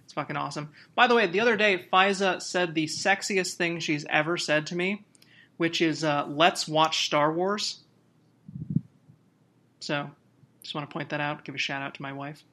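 Bright-voiced joking male podcast host. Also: fairly high pitch, moderate pace. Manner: laughing, joking, loose plugs. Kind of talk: casual podcast chat.

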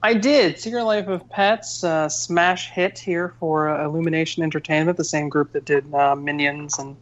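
A man's voice: a little high, steady tone, normal speed, dull audio. A man co-hosting a podcast, reviewing a film in a rambling, conversational way. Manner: rambling, conversational, frequent fillers.

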